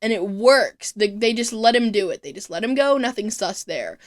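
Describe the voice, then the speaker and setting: A woman's voice: a little high, expressive, normal speed. A woman narrating a show recap in a casual, breezy way, with profanity and jokey asides. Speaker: video recap host.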